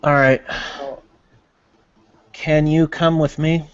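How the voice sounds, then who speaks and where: Slow-talking male tabletop player. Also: fairly high pitch, flat delivery, smooth. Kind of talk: in-character tabletop play. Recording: dull lo-fi recording.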